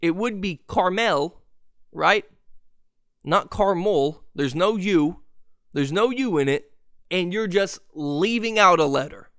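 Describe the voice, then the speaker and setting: Male podcast host, slightly high voice with a lisp and stutter, profane exasperated rant, dry close sound. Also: fairly bright tone, smooth, no echo. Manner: profane, exasperated ranting with laughs and restarts. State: voice going hoarse.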